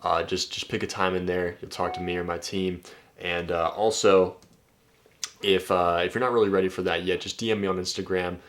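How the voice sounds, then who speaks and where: A man's voice: deep voice, flat delivery, brisk, fairly bright tone. A man working as a dating coach, reading out text messages and commenting on them in a loose, chatty way, with some swearing and a frequent "right?". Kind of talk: casual commentary reading out texts.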